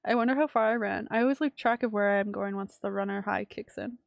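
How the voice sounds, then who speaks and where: A woman streamer reading a visual novel aloud and reacting with sudden excited exclamations. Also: medium pitch, fast talker, vocal fry, no room sound, lo-fi sound. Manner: reads game text aloud, breaks into excited exclamations.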